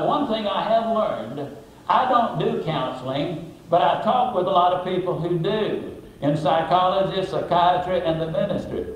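Folksy, emphatic man telling a story. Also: high voice. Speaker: motivational speaker. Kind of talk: storytelling talk. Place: video played in a church. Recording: very echoey video played in a hall.

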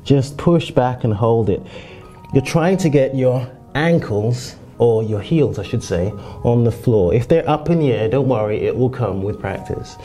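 Calm man coaching stretches, mellow voice. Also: mid-range voice, unhurried, faint music behind. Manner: calm and reassuring, frequent "okay?" check-ins. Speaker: fitness instructor. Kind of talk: exercise instruction.

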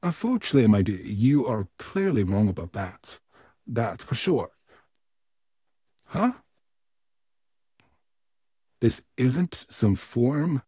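A smug, menacing puppet villain, voiced by a man, in a fan-made audio role-play. His voice is dark and husky, with a slow, drawn-out delivery that swoops up and down theatrically. The recording is dry and close. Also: medium pitch, very animated, no echo, full character voice. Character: evil male puppet neighbor, smug, menacing, easily flustered.

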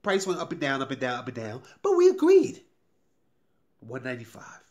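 A man giving an emotional, repetitive sales pitch straight to the viewer, pleading and getting heated. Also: animated, quick pace, a bit bright. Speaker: YouTuber promoting a tax service. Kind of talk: direct-to-camera sales pitch.

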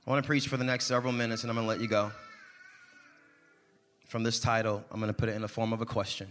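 Man, pastor, sermon, call-and-response, bright tone, long church reverb. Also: lowish voice, level tone, quick pace. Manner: preaching with call-and-response and rising intensity.

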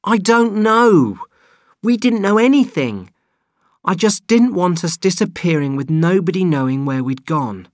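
A man's voice: high voice, lively intonation, measured pace, no echo, clean studio sound, voice pushed up. A man reading an audiobook, voicing a young male backpacker who pleads and defends himself in a raised, strained voice. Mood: anxious, defensive.

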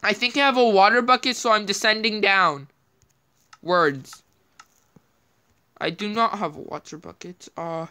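A woman talks through her gameplay in a loose, rambling way, thinking aloud as she goes. Her voice sits at a middling pitch, and she keeps it casual. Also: a little slow, long pauses, pushed and bright, clear, resonant tone. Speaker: gameplay video host.

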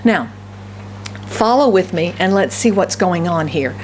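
A woman's voice: lowish voice, expressive, a little slow, darkish tone, slight background noise. Woman pastor preaching with rhetorical questions. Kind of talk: sermon. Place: church service.

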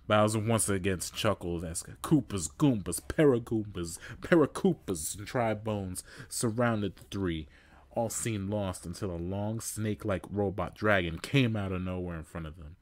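A man's voice: lowish voice, normal speed, dry recording. A male podcast host reading fan fiction aloud, amused, with laughing asides.

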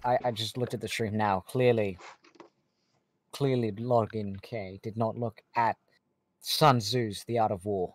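A man's voice: fairly low pitch, fairly even intonation, measured pace, no room sound. A man casting a strategy game stream, bantering playfully and teasing himself and his co-caster. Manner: playful, self-mocking banter. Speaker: esports caster. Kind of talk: joking game commentary.

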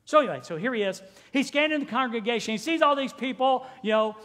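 Man, pastor preaching, lively and theatrical, high voice, long church reverb. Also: quick pace. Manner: animated preaching, acting out quoted voices. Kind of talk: sermon. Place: church sanctuary.

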